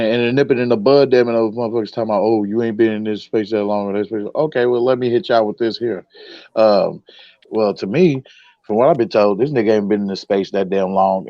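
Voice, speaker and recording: A man with a low, mellow voice jumps into a panel discussion with blunt, profane remarks. The sound is dull and lo-fi, yet dry and close. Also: no room sound. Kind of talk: panel debate.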